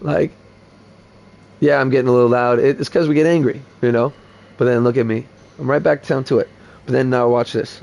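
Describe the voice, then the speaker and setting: A man's voice: medium pitch, steady tone, a little fast, creaky, a little mellow, a little hiss or hum. A man telling a heated personal story in blunt, profane talk while playing a game on stream. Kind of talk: casual gaming stream storytelling.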